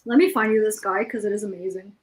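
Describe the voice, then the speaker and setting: A woman's voice: mid-range voice, fairly even intonation, quick pace, a little mellow. A woman from Canada with a light Ontario accent, chatting casually on a livestream and filling her talk with "like". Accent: Canadian, from Ontario near the Quebec border. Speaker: livestream co-host. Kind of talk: casual chat.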